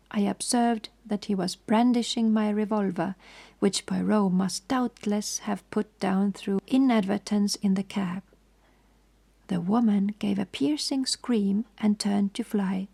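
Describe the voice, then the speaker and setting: A woman's voice: medium pitch, gravelly, breathy edge. Woman whispering a bedtime story. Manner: slow, hushed, calm. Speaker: sleep-story reader.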